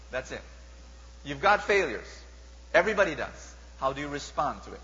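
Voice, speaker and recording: A man with a Filipino accent preaches a sermon in a bright, forward voice that sits slightly high for a man. He is animated and keeps putting rhetorical questions to the crowd. The sound is dull and lo-fi, with a long hall reverb and a faint hum. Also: moderate pace, pauses often.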